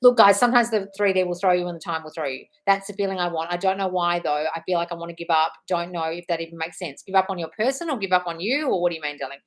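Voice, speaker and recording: A woman's voice: fairly low pitch, quick pace, few pauses. Playful, blunt woman coach on a home live stream, casual and profane. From United Kingdom. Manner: swearing, playful, calls viewers darling, reads comments aloud. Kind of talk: casual live-stream chat reading comments.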